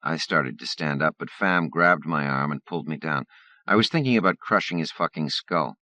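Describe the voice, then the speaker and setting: A man narrating a first-person short story for an audiobook in a lively, expressive way. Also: very deep voice, moderate pace, dry recording, lo-fi sound.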